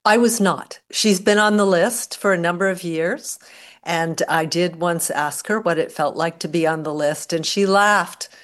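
An older woman speaks as an interview guest, with a very low voice for a woman. She answers in a thoughtful, articulate way, like a professor explaining her field. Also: unhurried.

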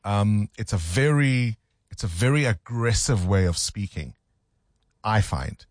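A man's voice: lowish voice, animated, measured pace, no echo, studio quality. A man hosting a talk radio show, chatting casually with a South African accent.

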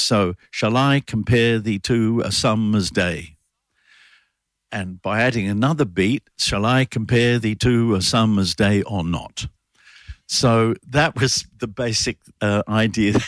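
A man's voice: mid-range voice, no room sound, clean studio sound. A middle-aged man, a guest performer, talking thoughtfully in a radio interview with many fillers and restarts. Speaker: guest performer and adapter of a classic poem.

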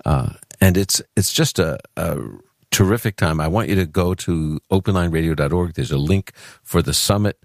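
A radio host from Brooklyn with a New York accent and a remarkably deep voice talks earnestly, often restarting his sentences. The recording is close and dry, with no room echo. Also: normal speed. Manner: chatty, self-interrupting, earnest. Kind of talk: Christian radio call-in show.

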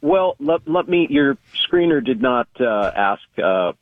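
A man's voice: medium pitch, very animated, unhurried, creaky, no echo. A man calling in to a radio show from a phone while driving, speaking politely and hesitantly with many fillers. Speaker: caller. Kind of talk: phone call-in. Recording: tinny phone line.

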